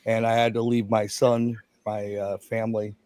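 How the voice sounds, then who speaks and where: A man's voice: fairly low pitch, little pitch movement, moderate pace, darkish tone, no room sound. A man in his forties, a guest on a stream, telling his story casually in a blunt, self-mocking way. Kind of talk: casual chat.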